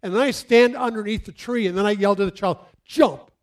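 A male pastor preaching outdoors, acting out stories and quoting scripture with lively emphasis. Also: high voice, fast. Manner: animated, acts out stories and quotes. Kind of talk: sermon. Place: outdoors near trees.

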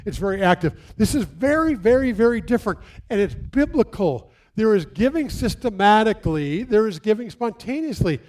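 High-pitched male pastor preaching outdoors, acts out his stories. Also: normal speed, hardly any pauses. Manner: animated, acts out stories and quotes. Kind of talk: sermon. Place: outdoors near trees.

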